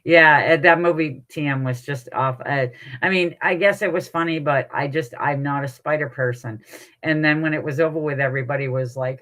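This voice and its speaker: A middle-aged woman hosting a live stream, telling stories to her chat in an animated, salty way and laughing often. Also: sits low, a little fast. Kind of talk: casual chat with viewers.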